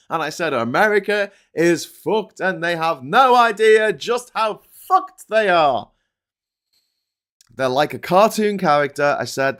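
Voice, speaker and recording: A British man hosting a casual political commentary show, talking in a lively, rambling way with frequent swearing and restarts. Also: mid-range voice. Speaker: host of a live commentary show.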